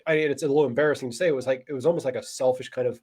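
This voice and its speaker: Relaxed man telling candid stories. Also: mid-range voice, very fast, slightly rough. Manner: relaxed, candid, many fillers and "like"s. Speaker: guest. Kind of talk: casual podcast interview.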